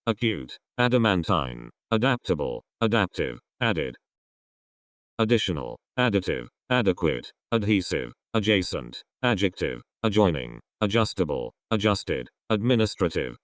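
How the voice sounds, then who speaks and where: A man reading a vocabulary list aloud, one word at a time with pauses between them. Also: sits low, sing-song, no room sound, clean studio sound. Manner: reads single words one by one with pauses. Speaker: vocabulary reader.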